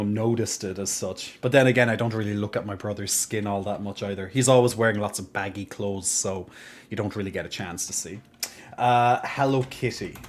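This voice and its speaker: A man's voice: medium pitch, a little mellow. A young man talks casually to his live-stream chat in an everyday mid-range voice, as if speaking into a desk microphone at his gaming setup. His talk is loose and meandering, and he keeps breaking off and restarting his sentences. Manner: rambling, chatty, restarts sentences often. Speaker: game streamer.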